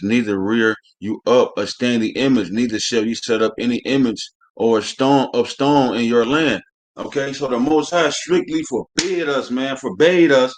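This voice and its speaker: A man teaching a live-streamed scripture class, reading verses aloud and then commenting in a blunt, coarse way, often saying "man". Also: mid-range voice. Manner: preachy, blunt, says "man" constantly; coarse, swears freely.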